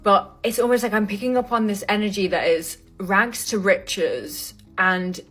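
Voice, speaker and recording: A woman giving an intuitive tarot reading to camera, talking casually, full of fillers and pausing to search for words. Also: medium pitch, a bit bright, slightly rough, soft background music. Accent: not American. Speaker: tarot reader.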